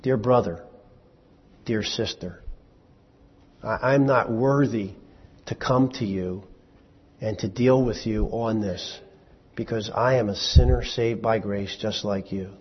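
Husky preacher in a big hall. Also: male voice, lowish voice, slow pace, long pauses. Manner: asks the audience questions and answers them; conversational, with small restarts. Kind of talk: sermon. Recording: dull, lo-fi hall recording.

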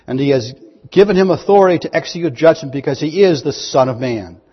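Emphatic preacher in an echoing hall. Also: male voice, animated, fairly quick, slightly rough. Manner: emphatic, rises to loud high proclamations; reads scripture aloud, then questions the listeners. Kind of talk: sermon. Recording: dull, long-echo hall recording.

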